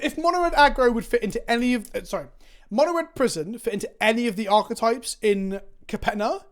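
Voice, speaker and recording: English man, lively up-and-down voice, rambling, sweary, streamer chat. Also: sits high. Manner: rambling, sweary, self-mocking banter. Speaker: Magic card game content creator. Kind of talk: casual chat on a live stream.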